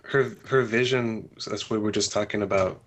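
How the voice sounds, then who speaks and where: A man's voice: lowish voice, normal speed. A man co-hosting a casual film review podcast, wry and sarcastic, often restarting his sentences. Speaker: podcast co-host. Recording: dull lo-fi mic.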